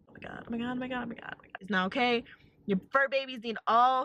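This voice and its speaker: A young woman vlogging casually, excitable and swearing a lot as she rants quickly. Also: a little high, gravelly. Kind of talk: casual vlog chat. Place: in a parked car in Texas heat.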